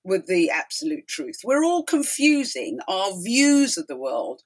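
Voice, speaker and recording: Middle-aged woman guest, breathy, lively pitch, emphatic storyteller who acts out quotes. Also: a little slow. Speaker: guest, talk show host. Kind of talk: storytelling interview chat.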